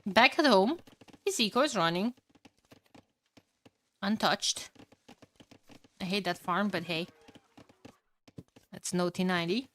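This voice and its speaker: A young woman with a Romanian accent casting a live strategy game match and chatting with her viewers, excitable and casual, with sudden loud exclamations and the odd curse. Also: mid-range voice, slow pace, pauses often. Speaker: streamer casting games. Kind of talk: live game commentary and chat reading.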